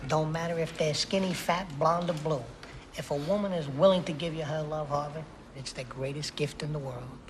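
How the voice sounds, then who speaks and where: A man's voice: on the high side, fairly even intonation, moderate pace, natural voice. An actor playing a scruffy older homeless man who rambles sentimentally in a folksy, sing-song way, heard as a film clip. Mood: musing. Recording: film clip with background noise.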